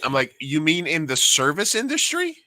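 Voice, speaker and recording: Male co-host, bright and punchy voice, dry close mic, animated storyteller who swears and plays out every quote. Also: fairly high pitch, normal speed, no echo. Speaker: podcast co-host, karaoke host. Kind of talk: casual storytelling chat.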